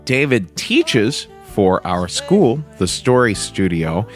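A male podcast host introduces the next storyteller from a script. He sounds enthusiastic and promotional, his pitch moving a lot across a middle range. A little music sits faintly behind him. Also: very animated, takes it slowly.

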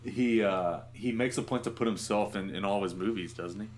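A man with a lowish voice chats on a podcast in a laid-back way. He stumbles and restarts his sentences often, with faint room ambience behind him. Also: normal speed, slight background noise. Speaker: podcast co-host. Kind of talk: casual podcast chat.

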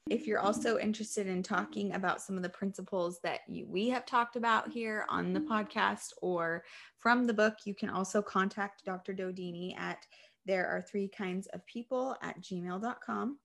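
A woman co-hosting a podcast chats casually, telling family stories with plenty of fillers. Her mid-range voice is gravelly and fairly bright, at a normal speed.

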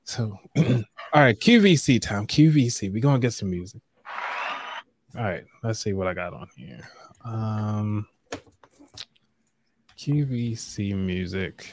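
A man's voice: on the low side, takes it slowly, pauses often, noisy background. A man hosting a live online money show, chatting casually with fillers and reading a book passage aloud. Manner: relaxed, loose, with fillers and throat clearing.

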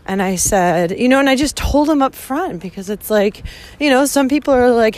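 A woman's voice: on the high side, animated, normal speed, darkish tone. Candid young woman vlogging on foot. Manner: candid, emotional, heavy swearing. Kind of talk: casual walking vlog. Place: outdoors walking to a train station.

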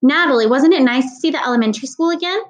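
A woman's voice: sits high, racing, voice pushed up, natural voice. A woman reading the part of an adult mother who drives the children, in a fake cheerful grown-up tone.

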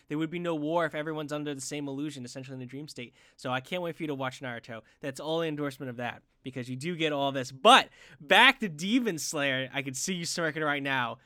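A man co-hosting a casual anime discussion, talking in an excitable, animated way with frequent restarts. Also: mid-range voice, clear, resonant tone, no room sound, studio quality.

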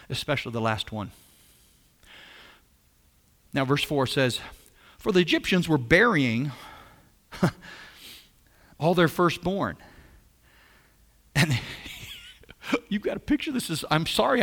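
High, bright-voiced preaching man. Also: big-room sound. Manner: animated preaching, repeats phrases, asks the congregation questions. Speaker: pastor. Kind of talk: sermon.

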